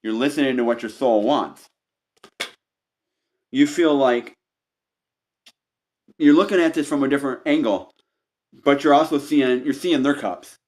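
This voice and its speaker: Unhurried and darkish in tone, this mid-range male voice pauses often during an unscripted tarot reading. The reader tells "you" what he sees directly, circling back, repeating, and restarting phrases frequently.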